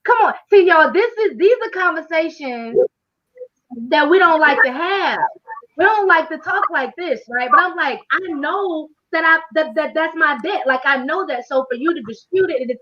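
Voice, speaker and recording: High-voiced woman coaching over a video call. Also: moderate pace, highs cut off. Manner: animated, preacher-like, talks straight to the audience. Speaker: financial coach hosting a training. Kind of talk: live online workshop talk.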